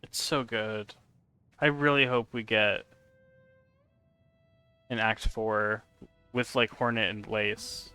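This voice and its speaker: A man's voice: lowish voice, takes it slowly, pauses often, sharp tone, smooth, soft background music. A man chatting casually while live-streaming a game, answering chat and laughing often.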